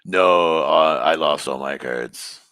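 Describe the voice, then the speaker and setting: A man with an extremely deep, gravelly voice that still cuts through bright and forceful. He talks bluntly and swears without thinking about it. The sound is close and dry. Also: slow pace, no echo. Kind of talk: casual chat.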